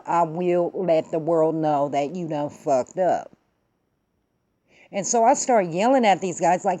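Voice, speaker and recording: This vlog host's voice is on the low side and dark in tone, animated but measured in pace. She mixes storytelling with a casual political rant, speaking emphatically, profanely and with lots of slang.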